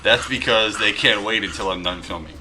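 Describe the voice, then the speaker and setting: A man's voice: lowish voice, fairly quick, background noise. A man in his thirties from Western New York, chatting casually as he reads viewer mail aloud with asides, at home with his dogs. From Western New York, USA. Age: 30s. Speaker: vlogger reading viewer mail. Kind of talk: casual vlog. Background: dogs wrestling.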